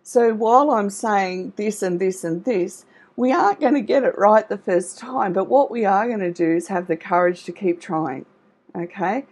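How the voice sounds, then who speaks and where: A woman's voice: mid-range voice, normal speed, husky. A middle-aged woman coaching an online audience, reassuring and encouraging, often checking in with "okay?" as she goes. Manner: warm, encouraging, reassuring, with frequent "okay?" and "all right?". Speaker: trauma recovery coach. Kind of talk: live online coaching talk.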